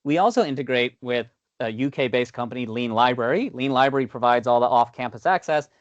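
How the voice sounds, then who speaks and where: A man walks through a software demo on a video call, in a loose conversational way with many "you knows" and "ums". The call audio sounds dull and slightly lo-fi. The voice is dry and close, with no room echo. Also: mid-range voice, brisk. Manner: conversational, frequent fillers like "you know" and "um". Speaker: product demo presenter. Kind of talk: online meeting product demo. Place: online video meeting.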